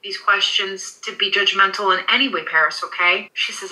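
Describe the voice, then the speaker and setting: A woman working as a pet psychic in a session, soothing and reassuring, often halting with fillers. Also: medium pitch, fairly even intonation, sharp tone, poor audio. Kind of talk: animal communication session.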